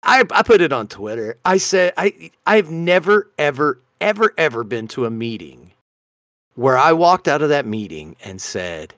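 Animated man telling funny stories. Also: a little high, moderate pace, no echo, clean studio sound. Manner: animated storyteller, playful self-mocking. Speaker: podcast co-host. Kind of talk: casual comedic chat.

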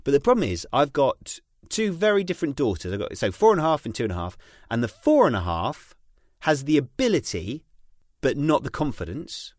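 A man in his thirties from England talks casually as a podcast co-host. His pitch moves a great deal, and he acts out the people in his stories. The sound is dry and close. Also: brisk, no echo. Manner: animated storyteller, acts out his daughters' voices. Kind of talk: casual chat.

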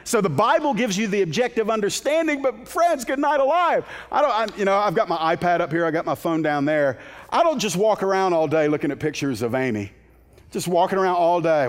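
A man's voice: high voice, animated, a little fast. A man preaching a sermon as a guest preacher in a church sanctuary, impassioned and emphatic, often restarting his words. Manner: impassioned, building to emphatic peaks, with repeated restarts. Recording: long hall reverb in a sanctuary.

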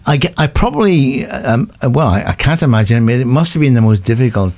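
Male radio host; gentle, hesitant interviewer. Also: medium pitch, lively intonation, brisk. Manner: gentle, hesitant, with many restarts. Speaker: radio presenter.

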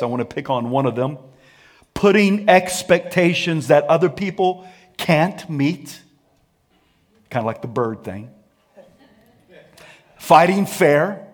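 A man pastor preaching a sermon in a lively, colloquial way and calling on the congregation to answer back. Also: mid-range voice. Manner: energetic, colloquial, calls for audience response.

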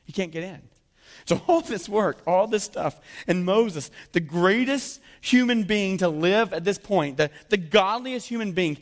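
Animated male pastor in a reverberant hall. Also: on the high side. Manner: animated preaching, acting out dialogue, frequent "right?". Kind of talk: sermon.

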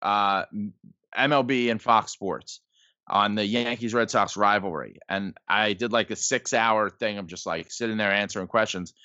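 A man's voice: on the low side, steady tone, moderate pace, sharp tone, dry recording. Man, 30s, podcast guest, rambling casual storyteller, lo-fi sound. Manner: rambling, heavy use of "like" and "um". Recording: dull lo-fi podcast audio.

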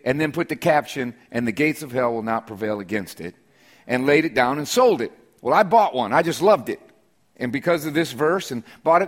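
A middle-aged man preaching a sermon to his congregation, shifting from a relaxed, joking story to emphatic, repeated declarations. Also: on the high side. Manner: conversational storytelling with humor, rising to emphatic declarations. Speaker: pastor. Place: church sanctuary during a service.

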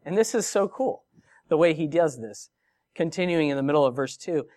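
A man preaching a sermon, expressive and emphatic, reading scripture and asking rhetorical questions. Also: a little high, normal speed. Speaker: pastor.

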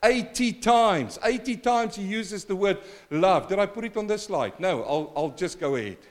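A man preaching a sermon as pastor, swinging from quiet stretches to loud emphatic swells and calling on the congregation. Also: high-pitched, lively intonation, normal speed. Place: church.

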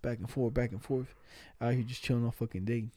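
A man's voice: medium pitch, fairly even intonation, brisk, mellow, dry recording. A young man chatting casually, telling stories in heavy slang with frequent laughs and swearing. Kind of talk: casual chat.

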